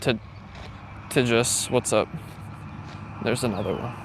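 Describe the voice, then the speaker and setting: A man's voice: mid-range voice, steady tone, slow, background noise. A young man, hosting a live walking stream and chatting casually with viewers in a rambling, filler-heavy way. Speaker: livestream host. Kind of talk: casual live chat while walking, reading viewer comments. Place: outdoors on a walk.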